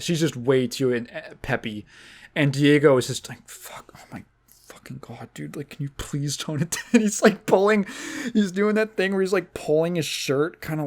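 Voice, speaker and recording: A young man hosting a casual podcast, rambling with many fillers, laughing and acting out quotes from what he describes. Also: medium pitch. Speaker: podcast host.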